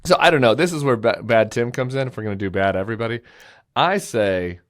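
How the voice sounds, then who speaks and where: A man co-hosting a political podcast in casual chat, animated and often mimicking the people he talks about. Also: mid-range voice, fast talker. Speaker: podcast co-host.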